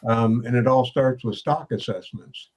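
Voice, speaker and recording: A man speaks as a podcast guest in a measured, explanatory way. His tone stays earnest and steady. His voice sits at an ordinary middle pitch. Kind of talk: podcast conversation.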